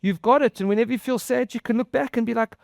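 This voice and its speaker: A man preaching a conversational sermon as pastor, earnest and halting, often repeating and restarting his words. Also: extremely high pitch, vocal fry, darkish tone, no echo, clean studio sound. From outside the US.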